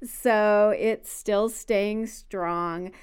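Woman podcast co-host, chatty and sure of her views, very clear tone. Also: medium pitch, steady tone, drawn-out words. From United States. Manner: opinionated, chatty, explains at length. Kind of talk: casual chat about baby names.

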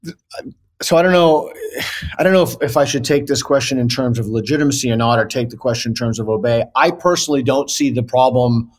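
A man's voice: medium pitch, brisk. A man answering as a guest in a video interview, earnest and argumentative, often restarting his sentences.

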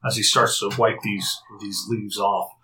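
A man narrating a tabletop role-playing game as game master, halting, with frequent restarts and fillers. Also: lowish voice, level tone, pushed and bright, low-quality recording.

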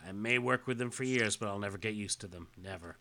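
With a noisy background behind him, a man co-hosting a casual podcast reads comic dialogue out loud, relaxed yet full of hesitations and fillers, quoting plainly. He talks fast in a voice on the low side.

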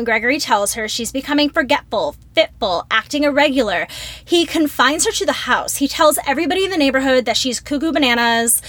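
A woman co-hosting a casual podcast chat, retelling a film with lively acted-out quotes. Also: high-pitched, no room sound. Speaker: podcast co-host.

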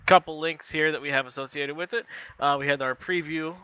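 A man with a bright, smooth voice goes through racing results for a podcast. He reads from notes casually, with many ums and uhs. The audio sounds dull and lo-fi. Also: on the high side, steady tone, fairly quick. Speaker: podcast co-host, news reader. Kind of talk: casual news rundown.

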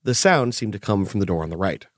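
A man narrating a tabletop game as game master, with a steady, descriptive delivery. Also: lowish voice, fast talker, dry recording, studio quality.

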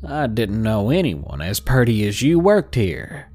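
A man's voice: on the low side, sing-song, unhurried, a little mellow. A man voicing a creepy older cowboy in his fifties with a heavy southern accent. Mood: leering.

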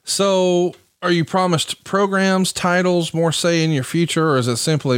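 A man's voice: a little high, little pitch movement, normal speed, few pauses, smooth, no echo. A man hosting an interview, asking long, detailed questions. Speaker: podcast host.

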